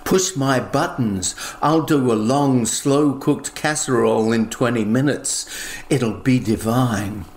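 A man's voice: mid-range voice, slow pace, a little mellow, a little hiss or hum. A man voicing a seductive female kitchen appliance, recorded with a roomy echo. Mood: sultry.

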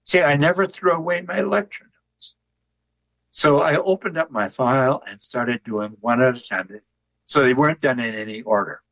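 An older man, an author and artist, telling stories in a relaxed, folksy interview. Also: medium pitch, moderate pace, dry recording, low-quality recording. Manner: folksy, tells jokes with put-on voices.

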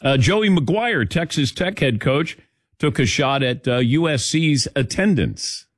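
A man's voice: fairly high pitch, lively intonation, unhurried, dry recording. A middle-aged man hosting sports radio, chatting casually and telling stories with frequent laughs. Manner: chatty, storytelling, laughs often. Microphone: studio mic.

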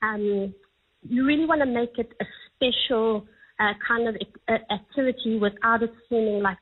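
A woman's voice: fairly high pitch, normal speed, husky. A woman giving travel advice as a radio guest, friendly and full of fillers. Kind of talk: phone-in radio interview. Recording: tinny phone line.

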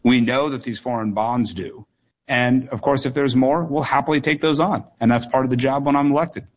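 A man's voice: mid-range voice, normal speed. A young man, a candidate answering questions in a call-in radio interview, earnest and full of fillers and repeated words. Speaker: political candidate, guest.

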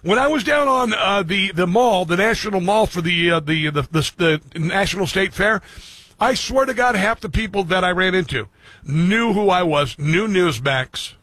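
A man's voice: high-pitched, lively intonation, moderate pace, fairly bright tone, no echo. A middle-aged man hosting a radio and streaming talk show, speaking earnestly to his listeners and repeating phrases for emphasis. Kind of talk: personal monologue to listeners.

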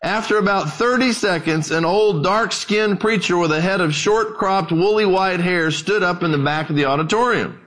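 A man's voice: high-pitched, moderate pace, few pauses, fairly bright tone, low-quality recording. A man preaching a sermon, a conversational and folksy storyteller who talks straight to his listeners. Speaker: pastor.

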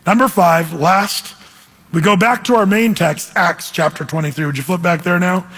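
A man preaching a sermon as pastor, lively and animated, acting out quoted voices. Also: high-pitched, moderate pace, breathy edge. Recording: hall reverb.

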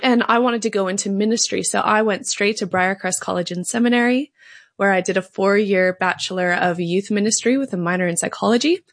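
A Canadian woman, a pro-life advocate appearing as an interview guest, tells her story earnestly and fluently. Her mid-range voice moves fairly quickly in a studio-quality recording with no echo.

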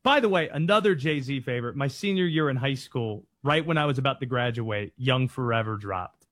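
A man's voice: mid-range voice, brisk, fairly bright tone, no echo, clean studio sound. A man co-hosting a casual podcast, joking and self-mocking. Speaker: co-host.

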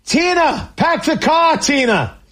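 A man's voice: very high-pitched, expressive, bright, forceful tone, voice pushed up, heavily acted. A man doing a frantic, panicky man with a Boston accent, hurrying his family to pack up and leave. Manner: frantic, hurried. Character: panicky middle-aged man fleeing the city.

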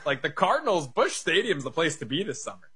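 A man's voice: a little high, big pitch swings, a little fast, sharp tone, husky. A young man co-hosting a casual sports chat, wry and chatty, often stumbling over repeated words. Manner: stammers on restarts, wry and chatty. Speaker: co-host.

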